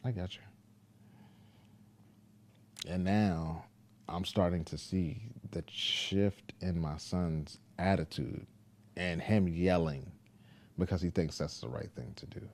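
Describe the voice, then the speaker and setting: A father talking casually to the camera, telling a parenting story in a laid-back, deliberate way. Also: low-pitched, steady tone, darkish tone.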